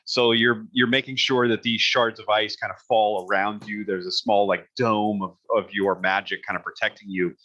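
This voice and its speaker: A man narrating as game master in a casual, halting way with many fillers and restarts. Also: lowish voice, level tone, sharp tone, no room sound, dull audio.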